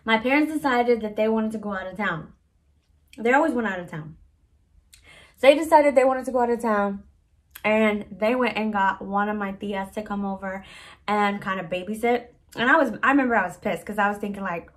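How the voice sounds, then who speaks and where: A woman's voice: mid-range voice, a little fast. A woman vlogger telling a personal story in a slangy, laid-back, self-mocking way. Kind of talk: casual storytelling.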